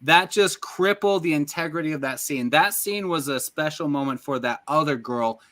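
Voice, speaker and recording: A man's voice: on the high side, lively intonation, normal speed, fairly bright tone. A man co-hosting a podcast, eagerly and loosely retelling scenes from a film in casual chat. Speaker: podcast co-host.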